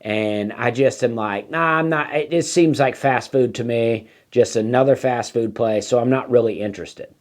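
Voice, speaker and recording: A man's voice: medium pitch, normal speed, hardly any pauses. A man, a comedian telling a meandering story, full of fillers and lost trains of thought. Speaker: stand-up comedian. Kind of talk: rambling comic storytelling.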